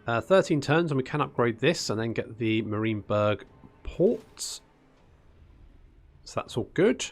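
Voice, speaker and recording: He's animated yet measured, speaking at medium pitch as host of a gaming channel. During a casual strategy let's-play, he chats, mutters to himself, and calls his units "buddy."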